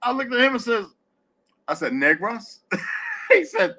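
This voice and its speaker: A man's voice: very high voice, wildly swooping pitch, normal speed, sharp tone. A middle-aged man hosting a casual live audio chat, blunt and profane as he tells stories. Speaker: host.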